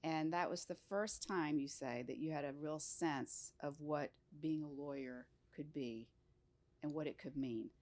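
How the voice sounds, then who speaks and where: A woman's voice: low voice, a little slow, darkish tone. A woman interviewing an author on stage, asking long, winding questions in a friendly way. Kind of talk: moderated book talk.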